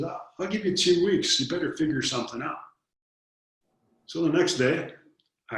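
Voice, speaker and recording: A man in his fifties from Detroit, telling personal stories in an interview and acting out the dialogue, often repeating his first words. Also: mid-range voice. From Detroit, United States. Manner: earnest storyteller, acts out dialogue, repeats words when starting a thought. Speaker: interview guest. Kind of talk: storytelling in an interview. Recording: very echoey room.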